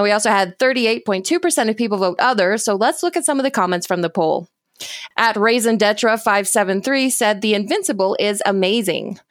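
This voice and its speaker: A woman's voice: medium pitch, no echo. A woman hosting a gaming podcast in casual chat, reading poll results and laughing often. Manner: playful, laughs often, does gangster voices. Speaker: podcast host.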